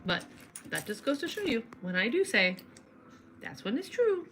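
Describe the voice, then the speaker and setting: A woman's voice: fairly high pitch, big pitch swings, normal speed, fairly bright tone, poor audio. A woman in casual chat, dry and exasperated, teasing her co-host.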